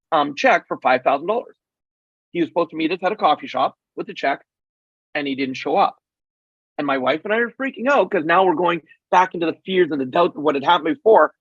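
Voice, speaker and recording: A middle-aged man with a slightly raised, husky voice tells a story as an interview guest. He is animated and acts out the dialogue. The sound is dull, lo-fi and dry. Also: fairly high pitch, quick pace, no echo. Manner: animated, acts out quoted dialogue, frequent ums. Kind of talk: casual storytelling in a podcast interview.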